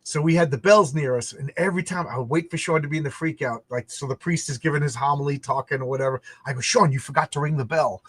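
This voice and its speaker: Brief: animated male host, slightly high voice, dry close podcast mic, stumbling restarts and laughter. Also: husky, no echo. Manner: animated, laughing, repeats words when starting sentences. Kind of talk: casual storytelling chat.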